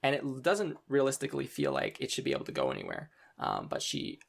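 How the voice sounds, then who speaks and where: A game master narrating a tabletop game in a gravelly, fry-heavy voice that rises and falls in a lively way. The speech meanders, full of ums and restarts as the scene is built. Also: mid-range voice, quick pace.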